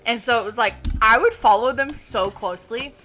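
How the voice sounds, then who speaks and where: A young woman co-hosting a podcast, telling retail stories in a lively casual way and swearing freely. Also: on the high side, moderate pace. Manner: animated storytelling, swears freely. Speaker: podcast co-host. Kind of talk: casual chat.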